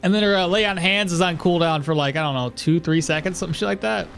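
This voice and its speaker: A man's voice: sits high, fast talker, vocal fry, fairly bright tone, soft background music. A man streaming a game live, rambling and chuckling as he comments, swearing casually.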